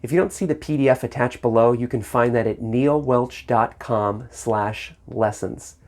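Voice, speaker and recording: A man's voice: mid-range voice, normal speed, a little mellow. A man teaching a saxophone lesson on video, patient and encouraging, speaking syllables aloud in rhythm to demonstrate.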